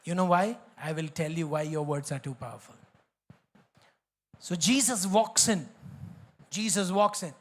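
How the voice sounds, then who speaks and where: A man's voice: high-pitched, measured pace, pauses often, fairly bright tone. A man with an Indian English accent, a pastor preaching a sermon in an emphatic, repetitive way, slipping into Hindi.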